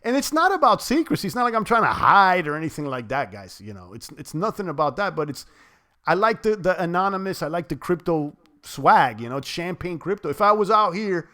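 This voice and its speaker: A man's voice: a little high, lively intonation, a little fast, sharp tone. A man hosting a livestream, chatting loosely and reading viewer comments aloud. He rambles with many fillers and restarts and trash-talks trolls playfully. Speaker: crypto livestream host.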